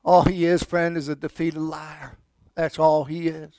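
A man preaching a sermon with fervor, swinging from quiet talk up to shouted declarations. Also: fairly high pitch, little pitch movement, a little slow, no echo. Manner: fervent, rising to shouted declarations.

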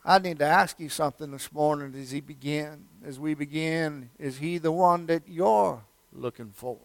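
High-voiced guy preaching slow, repeats lines for emphasis, calls everyone friend, smooth clear tone. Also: dry recording. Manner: swings between loud emphatic declarations and hushed near-whispers. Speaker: pastor. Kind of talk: sermon.

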